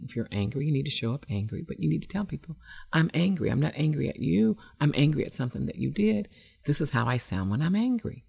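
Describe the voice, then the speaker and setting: A woman's voice: very deep voice, gravelly, dark tone, husky. A woman hosting an internet radio show as a relationship expert, giving advice in a conversational, emphatic way with frequent fillers.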